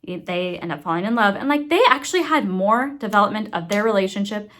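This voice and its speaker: A woman's voice: medium pitch, quick pace. Woman ranting about a book she read, lots of "like" and "you know", annoyed but chatty. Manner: animated, exasperated, lots of fillers and asides. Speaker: book reviewer. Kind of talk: casual chatty book review vlog.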